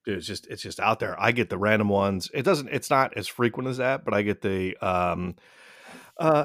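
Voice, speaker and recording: A man in his forties, co-hosting a podcast and telling profane, animated stories in casual chat. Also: fairly low pitch, normal speed, dry recording, studio quality. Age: 40s. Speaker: podcast co-host.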